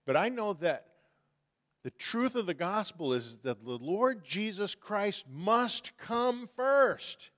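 A middle-aged pastor preaching a sermon, moving from storytelling into forceful preaching. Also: male voice, sits high, big pitch swings, takes it slowly. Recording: long reverb of a large hall.

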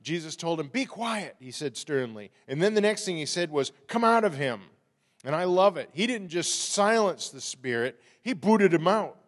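A man preaching a sermon in a conversational, animated storytelling way. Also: on the high side, normal speed, few pauses. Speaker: pastor. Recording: reverberant hall.

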